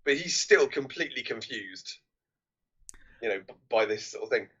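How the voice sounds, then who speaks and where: A man's voice: medium pitch, animated, normal speed, pushed and bright, breathy edge. A man talks through a film with his co-host, often tacking a questioning "isn't it?" onto his points. His mid-range voice comes through a slightly dull, lo-fi recording. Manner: adds tag questions, chatty. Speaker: podcast co-host. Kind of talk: casual film discussion.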